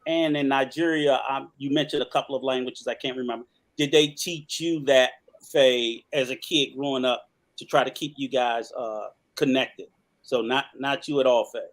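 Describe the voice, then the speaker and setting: A man's voice: medium pitch, steady tone, normal speed. A man hosting a casual chat show, talking loosely and swearing offhand as he rambles through his answers. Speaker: podcast host.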